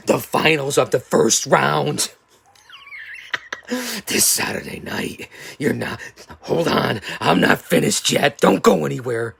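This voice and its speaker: A man hosting a show, delivering a theatrical wrestling-style hype promo that swings from yelling to hushed threats. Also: medium pitch, takes it slowly, gravelly, long pauses, husky, no echo. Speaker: show host.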